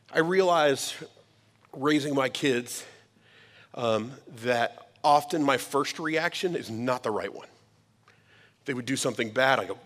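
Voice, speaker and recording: A man in his thirties preaching a sermon as a pastor, emphatic and conversational, with quick asides to the congregation. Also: on the high side, a bit bright. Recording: long hall reverb.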